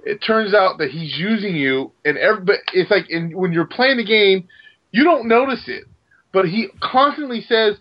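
A man co-hosting a podcast, telling a story in an excitable, rambling way. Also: high voice, moderate pace. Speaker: podcast co-host. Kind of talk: casual podcast chat. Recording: dull lo-fi sound.

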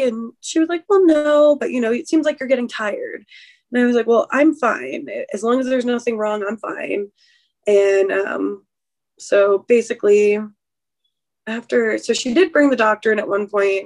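A young adult woman telling a personal birth story in an interview, rambling and restarting, full of fillers and emotion. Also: mid-range voice. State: emotional, recounting trauma. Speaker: guest sharing a birth story.

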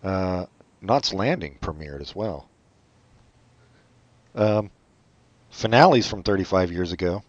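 Podcast co-host: low-voiced man, deadpan and wry, close dry mic with a muffled tone. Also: takes it slowly, long pauses, no echo. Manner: deadpan, sardonic asides. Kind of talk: casual chat.

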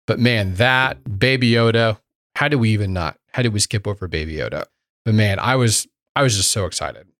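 A man's voice: on the low side, a little fast, a bit bright, no room sound, studio quality. A man co-hosting a casual chat, enthusiastic and often restarting his sentences. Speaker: podcast co-host.

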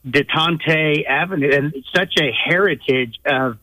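A man calls in to a morning radio show, playful and jokey. His voice sits high and sounds bright. The line is dry and close. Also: unhurried, no echo, rough recording. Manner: jokey, does his grandmother's voice. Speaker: caller. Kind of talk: phone call to a radio show.

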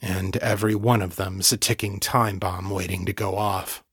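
A man reading a young male incubus priest weighed down by guilt, his voice rough and heavy with emotion. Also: low voice, flat delivery, normal speed, a bit bright, dry recording, clean studio sound. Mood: grave.

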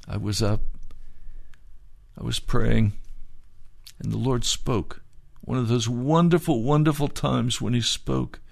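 An older man preaching a sermon as pastor, earnest and pleading, with slow drawn-out phrases. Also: medium pitch, fairly even intonation, gravelly.

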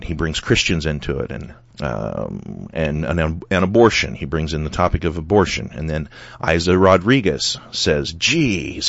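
Man, very low voice, solo podcast, lots of ums, dry lo-fi recording. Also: creaky, dry recording. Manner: recounting online comments, reading quotes aloud, many fillers. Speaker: podcast host. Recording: dull lo-fi dry sound.

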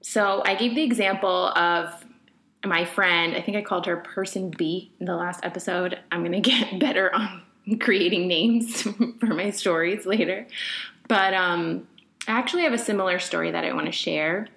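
A young adult woman hosts a podcast, sharing a personal story in a candid, conversational way packed with fillers. Her voice is on the low side and a little bright, with vocal fry, at a normal speed.

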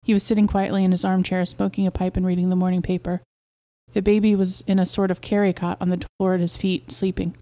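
A woman podcast host narrating a short story in a steady, measured way. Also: lowish voice.

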